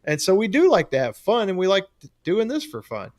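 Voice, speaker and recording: A man's voice: high voice, huge pitch swings, brisk. A man co-hosting a casual trade podcast, talking in a loose, rambling way and laughing often. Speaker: podcast co-host. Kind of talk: casual chat.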